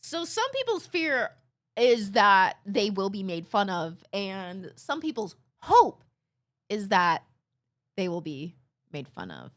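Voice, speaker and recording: Talking slowly in a medium-pitched voice, a female streamer hangs out with her live viewers and spins lively anecdotes. She does playful impressions along the way and doesn't hold back on the swearing.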